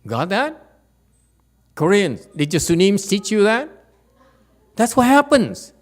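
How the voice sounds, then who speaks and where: A man giving a lecture at a temple, animated and teasing, often checking whether the audience understands. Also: high voice, takes it slowly. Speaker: Buddhist teacher. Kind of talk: dharma lecture.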